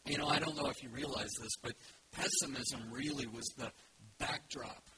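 A man's voice: mid-range voice, fairly even intonation, normal speed. A male pastor preaching a sermon in a conversational way, with frequent restarts and asides. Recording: loud background noise.

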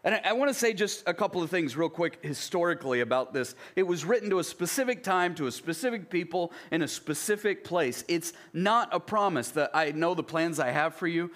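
A man's voice: a little high, expressive, fairly quick, few pauses, fairly bright tone. Man preaching a conversational sermon. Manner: conversational preaching, reads scripture aloud then explains it. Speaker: pastor.

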